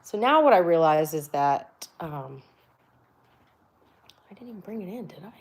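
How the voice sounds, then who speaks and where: A woman's voice: on the low side, expressive, normal speed, darkish tone, poor audio. A middle-aged American woman chatting casually on a live stream, rambling and swearing freely as she talks. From United States. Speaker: vlogger.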